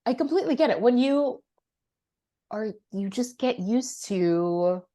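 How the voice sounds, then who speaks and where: A woman's voice: on the high side, animated, unhurried, warm tone. A woman co-hosting a podcast over a video call, chatting casually with emphatic agreement. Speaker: podcast co-host. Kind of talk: casual chat.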